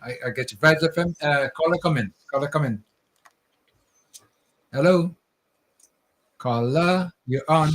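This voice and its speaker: A man's voice: fairly high pitch, unhurried, long pauses, a bit bright, low-quality recording. A man hosting a radio talk show, casually taking callers and reading out listener questions. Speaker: radio host.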